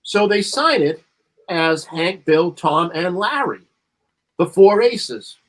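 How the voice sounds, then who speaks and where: Man, higher pitch, rambling casual talk, reads ad copy aloud. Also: sing-song, takes it slowly, fairly bright tone, slight background noise. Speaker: panelist. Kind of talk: casual chat.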